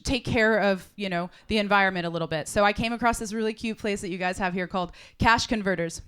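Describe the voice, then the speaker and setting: A young woman with a high, smooth, clear voice does a stand-up set at a comedy club mic. She talks in a chatty, ironic way. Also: a bit bright. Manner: chatty, ironic, with playful put-on posh voices.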